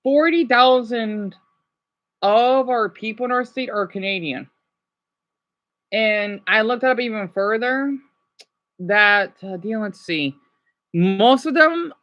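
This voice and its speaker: A man's voice: very high voice, sharp tone. Chatty man in his thirties, rambling. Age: 30s. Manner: rambling, chatty, self-correcting. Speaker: vlogger. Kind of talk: casual chat commentary. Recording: dull, lo-fi recording.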